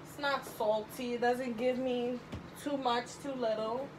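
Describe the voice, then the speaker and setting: A woman's voice: fairly high pitch, fairly even intonation, measured pace, noisy background. A young woman talking through a casual home cooking tutorial, chatty and rambling, thinking aloud with lots of fillers. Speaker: home cook vlogger. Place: home kitchen.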